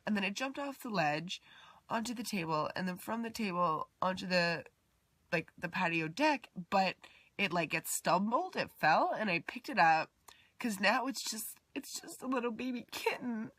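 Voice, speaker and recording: A woman's voice: medium pitch, animated, normal speed, a bit bright, dry recording. A woman vlogger talking about a dream in a rambling, heartfelt way, full of fillers, sometimes dropping to a near whisper. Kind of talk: personal confessional vlog.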